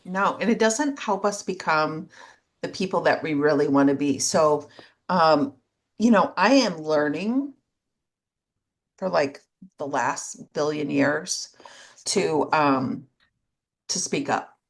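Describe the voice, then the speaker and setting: A woman's voice: low voice, slow pace, long pauses. A woman co-hosting a podcast, speaking candidly about herself with self-deprecating humor and dry sarcasm in casual conversation. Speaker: podcast co-host. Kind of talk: casual chat.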